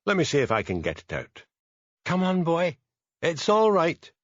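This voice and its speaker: A man playing a steady Highland police sergeant with a Scottish Highland accent in an audiobook, calm and dry. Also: moderate pace, no room sound, muffled recording. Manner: calm, dry, gently commanding.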